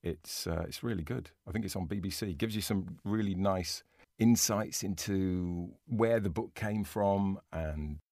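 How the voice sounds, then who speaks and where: A man's voice: low-pitched, measured pace, a little mellow, no room sound, clean studio sound. A man co-hosting a writing podcast, chatting casually and thinking aloud with frequent restarts. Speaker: podcast co-host. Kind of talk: casual chat.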